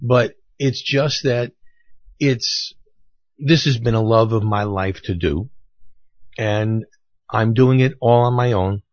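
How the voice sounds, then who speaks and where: A man's voice: medium pitch, takes it slowly, long pauses, dry recording. Earnest man hosting a radio show. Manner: earnest, rambling, hesitant plea. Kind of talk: casual on-air talk. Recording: dull lo-fi dry recording.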